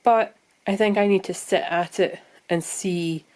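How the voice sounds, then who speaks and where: A woman with a Scottish accent chatting casually at home for her vlog, thinking out loud as she goes. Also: medium pitch, fairly even intonation, measured pace. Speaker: vlogger. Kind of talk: casual chat. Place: room at home.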